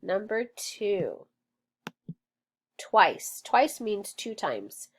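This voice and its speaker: Slow, deliberate woman phonics teacher. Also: medium pitch, big pitch swings, slight background noise. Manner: encouraging, sounds out words slowly. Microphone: online lesson recording.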